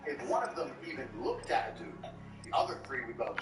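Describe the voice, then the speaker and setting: A man's voice: a little high, very animated, a little fast. A man chatting casually in a boastful, crude way, swearing freely. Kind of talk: casual chat. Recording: echoey, distant, loud music behind.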